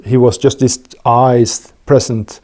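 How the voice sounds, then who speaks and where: A man's voice: mid-range voice, level tone, slow, a little mellow. A man hosting a podcast interview, talking casually and thinking aloud with frequent restarts and fillers. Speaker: podcast host.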